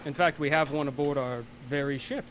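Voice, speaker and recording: A man playing his character in a tabletop game, courteous and measured, with hesitant fillers. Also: fairly high pitch, fairly even intonation. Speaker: player. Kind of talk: in-character roleplay. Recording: background noise.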